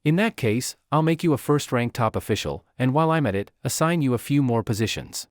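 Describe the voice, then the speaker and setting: A man's voice: mid-range voice, animated, brisk, no echo, clean studio sound, natural voice. A man voicing an exasperated male emperor who speaks in a commanding way. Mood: stern.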